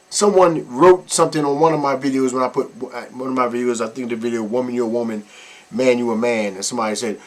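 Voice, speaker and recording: A man giving animated, mocking reaction commentary as a vlogger. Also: mid-range voice, quick pace.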